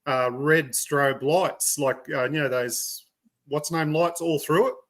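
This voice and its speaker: An Australian man chatting casually as a guest, telling a story in a relaxed, halting way. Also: fairly high pitch. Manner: relaxed storyteller, hesitant with fillers. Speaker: guest on a live stream. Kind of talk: casual chat.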